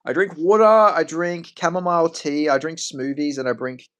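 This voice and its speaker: A man's voice: on the high side, steady tone, normal speed. A man chatting casually on a stream. He rambles, swears freely and answers questions from chat.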